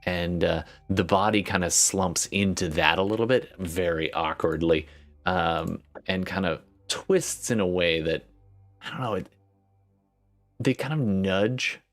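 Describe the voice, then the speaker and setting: A man narrating as game master of a tabletop game, describing scenes in a halting way with many fillers. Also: low voice.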